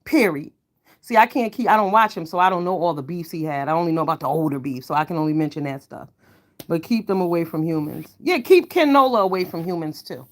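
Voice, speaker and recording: A woman's voice: expressive, fast talker. Blunt, heated woman ranting on camera. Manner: emphatic, swings between low mutters and loud outbursts. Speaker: online commentator. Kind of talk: ranting commentary vlog.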